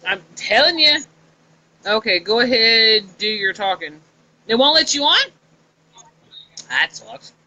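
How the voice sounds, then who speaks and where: Woman host, high animated voice, unhurried live-stream chat, salty and giggly, phone mic. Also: low-quality recording. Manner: laughs often, swears freely. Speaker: author hosting a live chat with fans.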